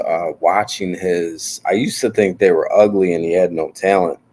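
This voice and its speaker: Man, bass-low voice, loose joking rambler who swears freely. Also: slight background noise. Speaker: podcast guest. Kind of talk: casual chat.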